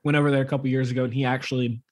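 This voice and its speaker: A man co-hosts a casual soccer podcast, speaking emphatically with strong opinions and laughing readily at the league. His voice is mid-range and level in tone.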